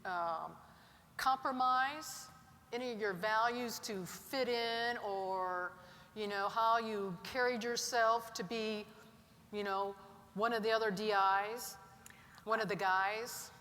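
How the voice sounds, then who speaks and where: A woman's voice: fairly high pitch, slow, a bit bright. A woman moderating a panel, asking questions in a conversational, lightly humorous way. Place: large conference hall. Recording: long hall reverb with faint noise.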